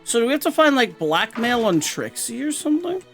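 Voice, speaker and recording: A woman's voice: on the high side, sing-song, brisk. A woman streaming a game, rambling and joking with casual swearing. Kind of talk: casual gameplay commentary. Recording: game music underneath.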